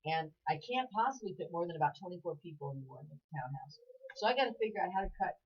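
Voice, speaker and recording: A woman's voice: on the low side, husky. A woman chatting casually as co-host of a local talk show. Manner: fast, chatty and animated. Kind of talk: casual chat. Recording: dull lo-fi livestream recording.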